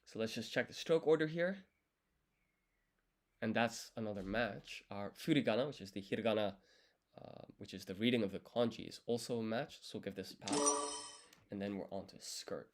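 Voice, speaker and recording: A young language learner streams his study session live, speaking in a lowish voice at a moderate pace. He counts strokes aloud as he writes and patiently explains each step, casually thinking aloud.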